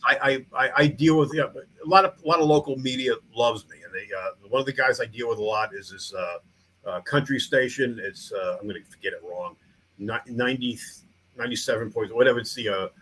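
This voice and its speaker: A man's voice: medium pitch, a little fast, slightly rough, poor audio. A middle-aged man, a small-town mayor and museum founder, telling stories in a casual interview with lots of restarts and fillers. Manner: rambling, animated, frequent restarts and fillers.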